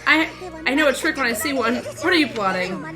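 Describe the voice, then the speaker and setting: A woman's voice: sits high, lively intonation, fairly quick, music in the background. A woman voicing a timid, panicky young recluse who stammers out apologies. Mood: suspicious.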